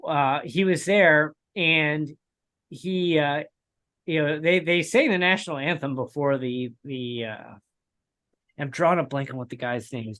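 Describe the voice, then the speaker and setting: A man's voice: fairly high pitch, a bit bright. A man co-hosting a casual racing podcast, telling long rambling stories with frequent chuckles. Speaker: podcast co-host. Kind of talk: casual chat.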